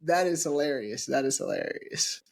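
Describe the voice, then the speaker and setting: Host, mid-pitched, relaxed and blunt, swears casually. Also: gravelly. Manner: laid-back, swears freely, quick laughs. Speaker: podcast host. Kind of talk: casual chat.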